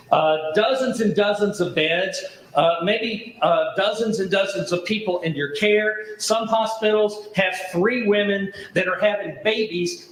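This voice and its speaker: A man's voice: high voice, fairly bright tone, echoey room, rough recording. Folksy, enthusiastic Southern man. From American South. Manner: enthusiastic, folksy, rhetorical questions. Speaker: charity founder giving a welcome speech. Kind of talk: public speech at an event.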